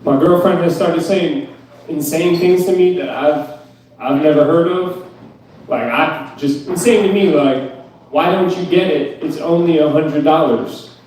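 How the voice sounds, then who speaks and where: Young guy doing stand-up, cussing, disbelieving rants, mellow tone, echoey room, mic far off. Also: fairly high pitch, a little slow, a little hiss or hum. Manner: profane, incredulous, self-mocking rants. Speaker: stand-up comedian. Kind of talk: stand-up set at an open mic. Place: club stage.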